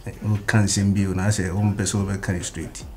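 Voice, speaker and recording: Brief: actor as a low-voiced, sheepish friend, defensive and mumbling. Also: male voice, level tone, normal speed, darkish tone, slight background noise, close to an everyday voice. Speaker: friend in a comedy drama. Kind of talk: comic drama acting.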